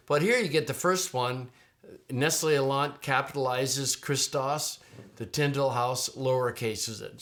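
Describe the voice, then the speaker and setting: A man's voice: mid-range voice, fairly bright tone. A middle-aged man teaching, walking through a Greek text on screen in a casual, conversational way, often restarting words and using fillers.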